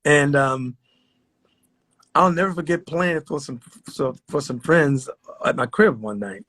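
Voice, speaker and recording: A man interviewing an artist in a casual, enthusiastic way, often pausing with fillers. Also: on the high side, fairly bright tone, no room sound.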